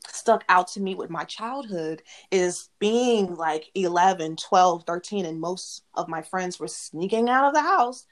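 A woman in her forties, a guest sharing personal spiritual reflections in an earnest, reflective way, often pausing and restarting mid-phrase. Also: lowish voice, expressive. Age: 40s. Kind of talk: heartfelt personal sharing on a podcast.

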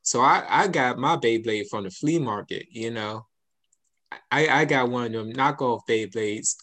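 A man's voice: medium pitch, unhurried, bright, forceful tone. A young man chatting casually, telling childhood stories with easy laughter. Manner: laid-back storytelling, laughs often, acts out quotes. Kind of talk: casual chat.

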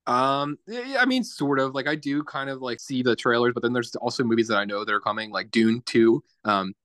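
A man's voice: mid-range voice, a little fast, fairly bright tone, dry recording. Young guy cohost, laid back, lots of ums, medium voice, dry sound. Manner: easygoing, hesitant with many ums. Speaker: podcast co-host. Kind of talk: casual chat.

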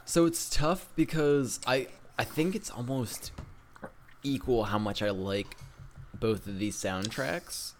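A man's voice: medium pitch, a little hiss or hum. A man co-hosting a casual podcast chat, teasing his friends and laughing often. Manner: slow, bouncy delivery, teasing, laughs a lot. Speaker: podcast co-host.

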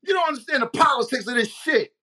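Man, podcast host, angry rhetorical rant, bright voice. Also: very high voice, lively intonation, fast talker, breathy edge. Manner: heated, profane, rhetorical questions. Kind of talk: ranting monologue.

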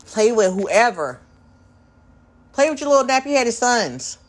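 A woman's voice: on the high side, very animated, measured pace. A woman hosting a podcast, delivering an angry, profane, confrontational monologue and mocking others in quoted voices. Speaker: podcast host.

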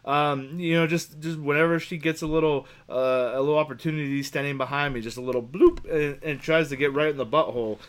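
A man's voice: on the high side, fairly even intonation, fairly quick, few pauses, a bit bright, clear, resonant tone. Crude, teasing podcast co-host, a man. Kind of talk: casual chat.

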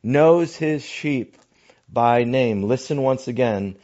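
A man preaching a sermon at an unhurried, measured pace, pausing over phrases. He often sinks to a soft, hushed tone for emphasis. The sound is a bit dull and lo-fi. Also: mid-range voice. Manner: slow, deliberate preaching with dramatic drops to near-whispers. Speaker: pastor. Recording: dull lo-fi recording.

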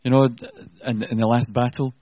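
Man delivering a sermon, earnest and conversational with wry asides, slightly husky; dull, muffled recording. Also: mid-range voice, flat delivery, normal speed, mellow, no echo. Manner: earnest, conversational preaching with self-deprecating asides. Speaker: preacher.

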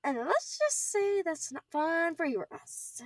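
A teenage girl voicing a brisk, cheerful young female medic who talks with a reassuring bedside manner. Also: extremely high pitch, sing-song, no echo, distant mic, voice pushed up, heavily acted. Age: teens.

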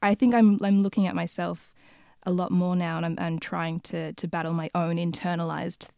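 A woman's voice: lowish voice, flat delivery, moderate pace, creaky, dark tone, no room sound, clean studio sound. A young woman from the UK, a podcast guest who speaks hesitantly with many restarts in a reflective casual chat.

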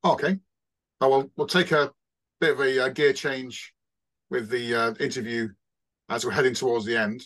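A man's voice: medium pitch, steady tone, normal speed, pauses often, a bit bright. Hesitant male interviewer asking questions. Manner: hesitant, many fillers, friendly. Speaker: interviewer, host.

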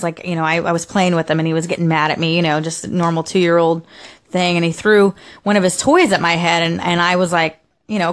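A young adult woman vlogging casually about her day, rambling with lots of fillers and restarts. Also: lowish voice. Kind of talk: casual personal storytelling.

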